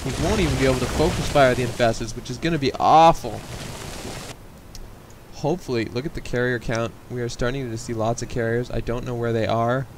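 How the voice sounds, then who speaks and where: A game caster gives casual, jokey play-by-play of an esports match that builds to excited shouting. His mid-range voice moves a little fast, with slight hiss or hum in the audio.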